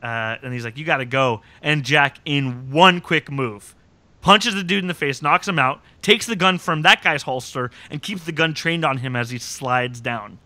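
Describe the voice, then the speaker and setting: A man's voice: medium pitch, moderate pace, no echo. A man hosting a podcast, recapping episodes in casual chat and eagerly quoting scenes with joking relish. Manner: animated storytelling, quotes scenes with relish. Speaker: podcast host.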